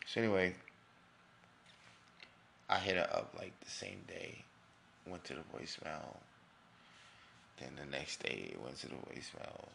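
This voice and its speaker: A man's voice: very deep voice, big pitch swings, unhurried, gravelly, pauses often, fairly bright tone, echoey room, a little hiss or hum. A man from New York with a New York accent, telling a personal story in a loose, rambling, profane way full of fillers. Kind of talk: casual storytelling.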